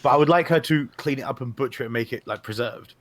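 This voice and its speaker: A man's voice: medium pitch, fast. A man playing a tabletop game in character, speaking in a playful, mock-formal way. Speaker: player.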